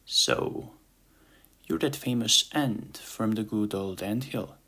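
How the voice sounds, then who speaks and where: A man's voice: fairly low pitch, sharp tone, exaggerated voice. A man voicing a flirty, teasing female ladybug fighter, drawing out her words in a seductive tone. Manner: slow, seductive, drawn-out lines.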